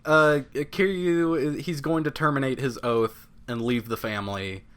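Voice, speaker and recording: A man's voice: medium pitch, steady tone, measured pace, a bit bright. A man co-hosting a casual podcast, adding dry details while recapping a game. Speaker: podcast co-host.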